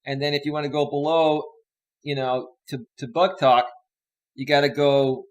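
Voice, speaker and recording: A man with a slightly high, steady voice talks at a moderate pace while hosting a casual live stream from a home green-screen setup with a desk microphone. He's from Northern California and chats with viewers in a rambling, upbeat way, reading their comments aloud.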